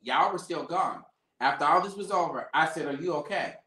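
A man with a raised pitch and a bright, forceful tone gives a lively eyewitness account, voicing the quotes as he goes. The room gives his voice an audible echo. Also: a little fast. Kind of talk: casual storytelling chat.

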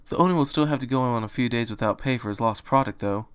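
A man voicing a meek, gentle young female pony in a fan audiobook reading, speaking softly, slowly and timidly. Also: medium pitch, clear, resonant tone, natural voice. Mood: earnest. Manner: soft, slow, timid and pleading.

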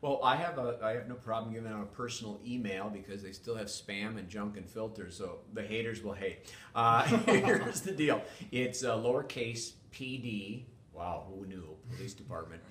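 Older male guest, deep voice, measured and wordy delivery, echoey room with faint rumble. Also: lively intonation, fairly bright tone. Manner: measured, wordy, many fillers. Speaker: former police chief, guest. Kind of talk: casual interview talk.

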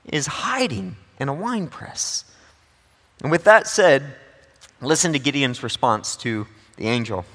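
Bright-voiced male pastor preaching. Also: mid-range voice, in a large hall. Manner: conversational, joking asides. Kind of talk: sermon. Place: church sanctuary.

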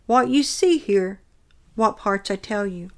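A woman voicing a gentle, reassuring male divine figure who speaks to her as his daughter. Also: medium pitch, a little slow, lightly acted. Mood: tender.

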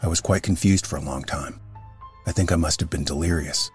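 A man reading as a sharp-tongued complaining ghost woman. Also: extremely low pitch, a little fast, soft background music. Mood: wistful. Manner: curt, querulous replies. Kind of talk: audiobook reading of a character.

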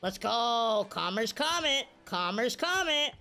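A woman's voice: on the high side, takes it slowly, gravelly, soft background music. A woman giving live video game commentary, cheering and groaning at every play. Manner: excitable, cheers and groans at plays. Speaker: gaming streamer.

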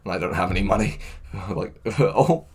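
A man chatting casually on a livestream, excitable, laughing often and swearing a lot. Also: low-pitched, normal speed, breathy edge. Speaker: livestreamer reading chat.

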